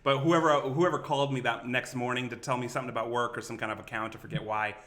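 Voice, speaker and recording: A man hosting a live stream, telling a story in an animated way, laughing and acting out the scene. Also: medium pitch, fast. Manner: animated, laughing, acts out the scene and shouts quotes. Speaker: show host.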